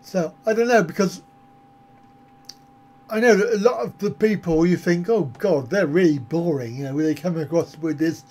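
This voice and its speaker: A man's voice: fairly high pitch, moderate pace, darkish tone. A man on a casual live stream, answering viewer comments in a rambling, self-mocking way. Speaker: travel vlogger answering live chat.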